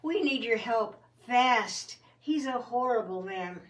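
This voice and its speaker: A woman's voice: a little high, lively intonation, slow pace, far from the mic, pitched above the performer's own voice. A woman voicing an exhausted, winded young man who pleads urgently for help, set a little back from the mic. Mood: breathless pleading.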